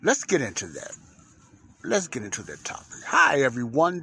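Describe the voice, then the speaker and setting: A man in his own casual podcast talk, rambling and repeating himself with lots of fillers and restarts. His voice sits at an ordinary middle pitch, with a faint hum of background noise. He talks from inside a parked truck at his job, dropping in religious phrases as he goes. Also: wildly swooping pitch, moderate pace, bright, forceful tone. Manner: folksy and religious, often saying "Lord's willing". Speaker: podcast host and minister.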